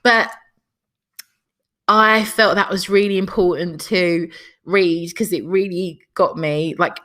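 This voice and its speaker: A woman's voice: fairly low pitch, fairly even intonation, slow pace. Emotional woman podcast host, near tears. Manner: soft, emotional, close to tears. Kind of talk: reading aloud and casual podcast chat.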